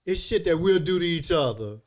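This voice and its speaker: A man co-hosting a podcast, speaking in a measured, preachy, matter-of-fact way. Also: a little high, expressive, darkish tone. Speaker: podcast co-host. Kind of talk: casual chat.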